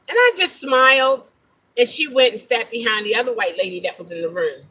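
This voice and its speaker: A middle-aged woman with an African-American English accent, a rideshare driver telling stories in a casual vlog, animated and incredulous. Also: on the high side, a little fast, husky, low-quality recording. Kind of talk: casual talking-to-camera vlog.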